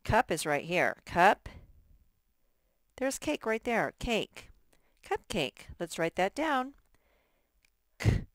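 Slow, patient woman teacher, close and dry. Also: mid-range voice, big pitch swings, no echo. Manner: slow, patient, sounding out words for young children. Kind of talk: first-grade workbook lesson.

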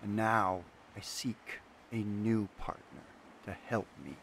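A man playing a grieving, obsessive woman artisan, pleading at times and loudly demanding at others. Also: fairly low pitch, fairly even intonation, slow pace, vocal fry, very noisy. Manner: pleading, then loud and demanding.

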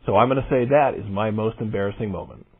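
A man's voice: lowish voice, fast talker. A man calling in, candidly telling a self-deprecating story in a recorded message. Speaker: caller. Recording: tinny husky phone-line recording.

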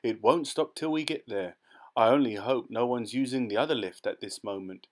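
A man voicing a brisk, eccentric chocolate maker with a matter-of-fact manner in a storybook reading. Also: medium pitch, darkish tone, close to an everyday voice.

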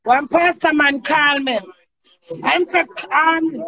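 A woman's voice: sits high, slow, creaky, bright, forceful tone. A woman with a Jamaican accent chatting casually on a live stream, blunt, brash and boastful, talking in patois. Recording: dull lo-fi sound.

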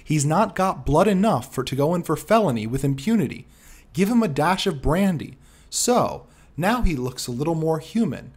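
Crisp commanding detective, quiet and stern, lively delivery, read by a male narrator. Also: a little high, normal speed. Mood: calm command. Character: cool, commanding male detective, sharp and dry.

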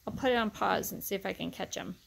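A woman dog breeder filming her puppies, chatting casually to viewers and praising the pups in a high sing-song voice. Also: quick pace, creaky, a bit bright, slight background noise. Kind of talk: casual vlog narration while filming puppies.

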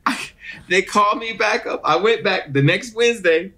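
Animated man telling stories. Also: high-pitched, moderate pace. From Detroit, USA. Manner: animated storyteller who acts out other people's voices. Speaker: guest, comedian and actor. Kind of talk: casual interview storytelling.

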